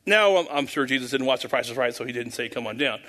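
A man's voice: mid-range voice, animated, fast talker, fairly bright tone. A man giving an informal sermon in a folksy, rambling way, chuckling at his own jokes. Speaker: preacher.

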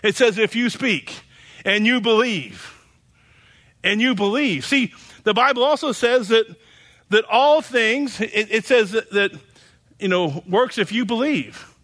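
A man's voice: high voice, animated, a little slow, a bit bright. A man preaching a sermon as pastor, emphatic and repetitive, often tossing in "you know".

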